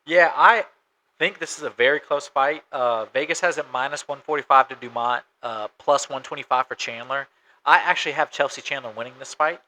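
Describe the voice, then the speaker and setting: A man's voice: mid-range voice, fairly quick, bright, forceful tone, poor audio. A man co-hosting a casual sports podcast, matter-of-fact as he runs through stats and betting odds. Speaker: podcast co-host.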